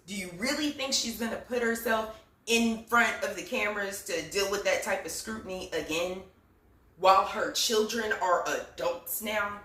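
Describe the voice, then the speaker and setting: A woman who vlogs political commentary delivers casual, profane, sarcastic remarks, repeating lines for emphasis. Her medium-pitched voice has a sharp tone at normal speed, but she's somewhat off mic in an echoey room, so she sounds distant.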